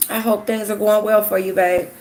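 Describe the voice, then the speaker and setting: A woman with a sick, hoarse voice chatting casually with viewers while doing her makeup, greeting them by name and gossiping. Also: medium pitch, flat delivery, moderate pace, darkish tone. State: sick, hoarse voice with a runny nose. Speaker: YouTube commentary host.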